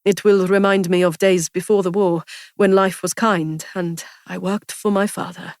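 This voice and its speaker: Woman doing a polite young foreign man, formal careful speech, gentle and wistful, lowish voice, dry close sound. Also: steady tone, normal speed, no room sound, natural voice. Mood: soft, wistful. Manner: formal, careful phrasing without contractions.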